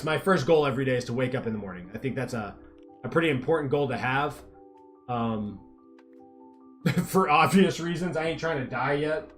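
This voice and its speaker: A young man livestreaming a game, chatting casually, reading viewers' messages aloud and teasing them. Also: mid-range voice. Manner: rambling, playful, reads chat aloud and teases viewers. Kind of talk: casual livestream chat while gaming.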